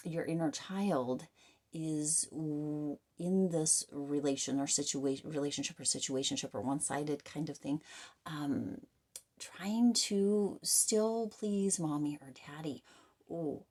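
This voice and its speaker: A woman with a slightly low voice talks straight to the camera through a tarot reading. She is frank and rambling, and her sentences are full of fillers and restarts. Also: dark tone. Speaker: tarot reader.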